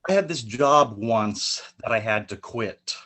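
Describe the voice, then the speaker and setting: A man's voice: on the low side, animated, measured pace, sharp tone. A man, a poet and spoken word artist, introducing himself and then performing a dramatic spoken word piece over a video call.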